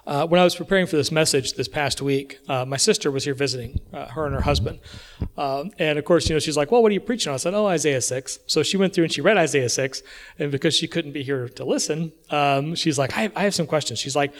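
A man with an American accent delivers a church sermon in a relaxed, conversational way. He keeps pausing to check in with the congregation. His voice sits slightly high for a man. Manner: conversational, checks in with frequent "okay?". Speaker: preacher.

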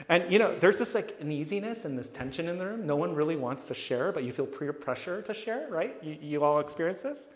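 A man with a voice pitched a bit above most men speaks to a live audience. He tells stories in an animated way and acts out the people in them. His voice carries a long reverb, as in a large hall. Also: a little fast, hardly any pauses. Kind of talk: storytelling talk to a live audience.

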